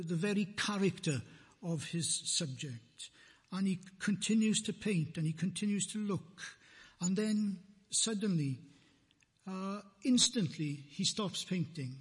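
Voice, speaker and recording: A man preaching a sermon in a church, slow and deliberate, repeating phrases for emphasis, with a husky voice. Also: high voice, in a large hall.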